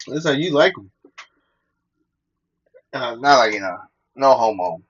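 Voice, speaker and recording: A man's voice: medium pitch, lively intonation, moderate pace, pauses often, breathy edge, muffled recording. A man talking casually and profanely, telling personal stories and quoting scripture, laughing between his points.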